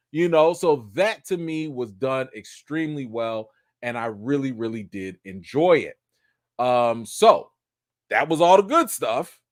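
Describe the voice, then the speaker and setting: A man of Haitian background hosting a casual livestream review, talking to viewers in a playful, animated way. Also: fairly high pitch, dry recording, studio quality. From Haitian family. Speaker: host.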